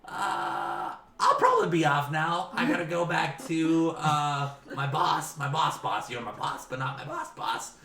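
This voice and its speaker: A man voicing a fat, fawning male goblin who babbles nervously in a squeaky, giggly voice. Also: sing-song, measured pace, hardly any pauses, sharp tone, exaggerated voice. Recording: roomy echo, faint music.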